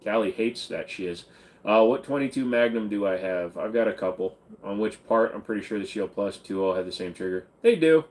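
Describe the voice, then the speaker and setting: A man's voice: lowish voice, lively intonation, brisk, a little mellow. A man hosting a casual livestream Q&A, answering viewer questions in a blunt, offhand and joking way. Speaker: channel host.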